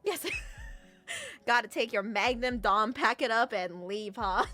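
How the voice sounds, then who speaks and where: A young adult woman streamer chatting casually with viewers, teasing and often breaking into loud laughter. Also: fairly high pitch, lively intonation, measured pace, soft background music. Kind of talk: casual livestream chat.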